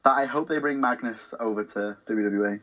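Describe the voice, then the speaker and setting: A man's voice: mid-range voice, a little fast, dull audio. A man co-hosting a casual chat, talking hesitantly and reacting to his co-host. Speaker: podcast co-host.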